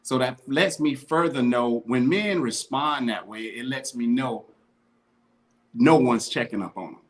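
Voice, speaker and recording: A man's voice: mid-range voice, a little slow. A man co-hosting a podcast, talking in a heartfelt, slangy, casual way. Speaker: podcast co-host.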